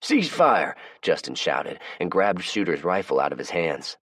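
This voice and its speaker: Very deep-voiced male audiobook narrator. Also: moderate pace, fairly bright tone, no echo, clean studio sound. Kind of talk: first-person audiobook narration.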